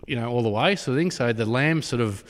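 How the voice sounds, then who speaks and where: A man's voice: mid-range voice, quick pace. An Australian man who owns a pie shop, chatting casually in an interview and rambling with plenty of "sort of" fillers. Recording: reverberant room.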